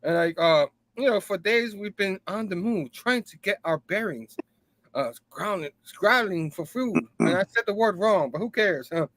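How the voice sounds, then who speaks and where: A man's voice: sits high, expressive, moderate pace, a bit bright, no room sound. A man hosting a casual comic book review, retelling the story loosely, laughing often and dropping "you know what I mean" between lines. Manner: loosely acts out characters' lines. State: hot and sipping a drink. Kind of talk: casual comic recap, paraphrasing dialogue.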